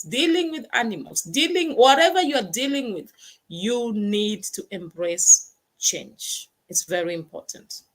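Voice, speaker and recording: A woman hosting a motivational talk, stressing points by repeating words. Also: medium pitch. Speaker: host.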